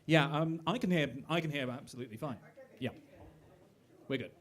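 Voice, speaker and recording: A man's voice: a little high, fairly quick, fairly bright tone. A man hosting a live showcase at an arts club, joking and laughing between acts. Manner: jokey and self-deprecating, laughing often. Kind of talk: compering between songs. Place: indoor arts club venue.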